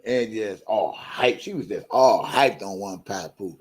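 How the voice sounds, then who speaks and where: A man's voice: lowish voice, a little slow, few pauses, slightly rough. A man hosting a live stream, talking bluntly to his viewers and swearing heavily. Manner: addresses viewers directly. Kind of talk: profane live-stream rant.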